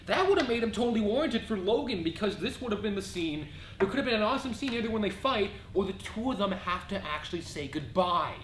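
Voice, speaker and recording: A man hosting a casual movie review chat, animated and ranting. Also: fast. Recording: echoey room with faint rumble.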